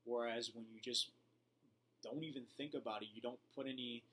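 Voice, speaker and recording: A man giving calm, earnest self-help advice to camera in a casual vlog. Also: medium pitch, fairly quick, breathy edge, rough recording. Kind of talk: motivational talk to camera.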